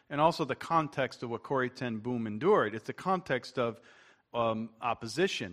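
A man preaching a sermon as pastor, earnest, slowing down and rising in force to stress his main points. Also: mid-range voice, fairly bright tone.

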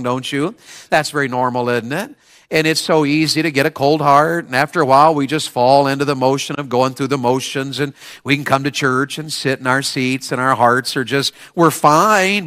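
A man preaching a sermon, telling stories in a folksy way with rising bursts of excitement. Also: mid-range voice, moderate pace. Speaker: evangelist preacher.

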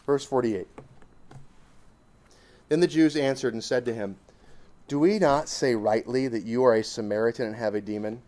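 A man's voice: medium pitch, normal speed, long pauses, darkish tone. A man preaching a sermon, emphatic and repetitive, pressing points with rising exclamations.

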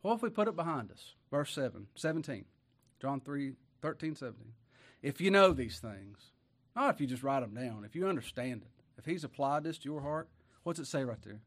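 A man's voice: mid-range voice, animated, brisk. A middle-aged man preaching a sermon in a folksy way, firing rhetorical questions at his congregation.

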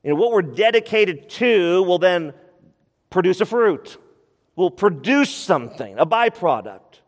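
A male pastor preaching a sermon, expressive, slowing down to stress words and acting out scripture quotes. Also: high-pitched, big-room sound.

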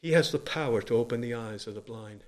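A man preaching a sermon in an earnest voice, swinging from loud emphatic lines to quiet low ones. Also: fast talker.

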